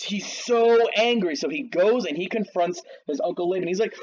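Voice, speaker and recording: A man's voice: sits high, lively intonation, moderate pace, few pauses, highs cut off. Slangy, jokey male storyteller. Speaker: youth storyteller. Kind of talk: casual Bible story retelling.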